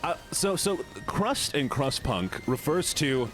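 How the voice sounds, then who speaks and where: Male streamer, lively pitch, rambling casual chat with frequent laughs, faint game music behind. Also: slow pace.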